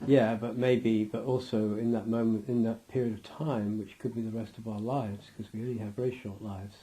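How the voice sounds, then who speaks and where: A man's voice: fairly low pitch, flat delivery, moderate pace, dark tone, slight background noise. Rambling man in a loose interview. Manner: rambling, restarts, acts out quotes with laughs.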